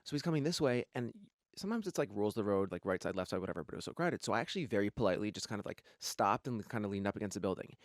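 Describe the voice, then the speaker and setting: Fast-talking man telling a story. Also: fairly low pitch, no echo, studio quality. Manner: rapid, animated storytelling with lots of swearing. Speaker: podcast co-host. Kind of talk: casual chat.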